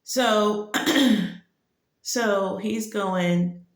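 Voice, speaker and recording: A woman's voice: mid-range voice, steady tone, very slow. A woman giving a casual spoken testimony, rambling and full of "like" fillers. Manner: rambling, heavy use of "like" fillers. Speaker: testimony speaker. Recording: echoey room.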